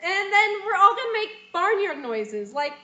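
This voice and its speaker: A woman's voice: very high-pitched, big pitch swings, normal speed, roomy sound, a crowd in the background. A young woman teacher walking her students through a scene script, acting out lines in playful voices. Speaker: dance and theater teacher.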